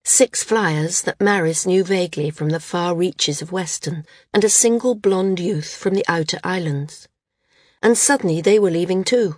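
A woman narrating a novel audiobook in a steady storytelling manner. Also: fairly low pitch, no room sound, studio quality. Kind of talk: scripted narration.

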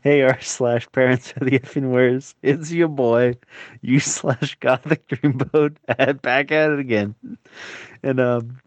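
A man's voice: mid-range voice, a little slow, smooth. A young man performing a comedy sketch monologue as a smug forum user, mock-serious and hesitant with fillers. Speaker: comedian playing forum users. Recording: slightly dull, dry recording.

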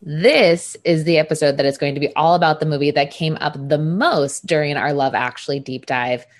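Low-voiced woman in her thirties. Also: normal speed. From United States. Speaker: podcast co-host. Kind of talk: casual chat.

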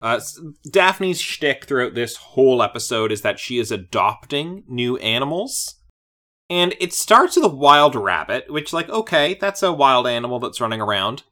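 A woman co-hosting a casual podcast chat about a cartoon episode, playful and quick to laugh. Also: extremely low pitch, sing-song, sharp tone. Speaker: podcast co-host.

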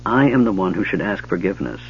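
A man voicing a stern, proud male plainsman warrior who speaks in a hushed, tender, formal way, in a dull lo-fi recording. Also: low-pitched, lively intonation, fast talker, faint music behind.

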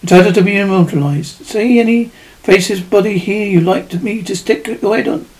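A man with a high voice reading the lines of a teasing, flippant painter in a story. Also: moderate pace, a little mellow, rough recording. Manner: mocking, playful. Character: middle-aged male painter, teasing and flippant. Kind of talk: audiobook dialogue.

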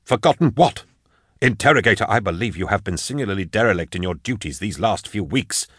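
A man's voice: fairly low pitch, lively intonation, fairly quick, a bit bright, husky, dry recording, studio quality. A man doing a proud, deluded old inquisitor. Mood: dry, curious. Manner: haughty, indignant. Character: deluded, proud male ex-inquisitor, stubborn and drinking. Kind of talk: audiobook character voice.

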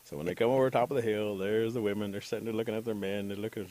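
A man telling a folktale aloud as a storyteller, animated and voicing each character. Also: on the low side, rapid-fire, hardly any pauses.

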